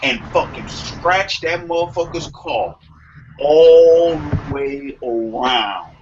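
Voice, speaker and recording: A young man telling a long story in casual podcast chat, profane and animated, acting out quotes. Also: fairly high pitch, takes it slowly. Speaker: podcast co-host. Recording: muffled lo-fi sound with faint noise.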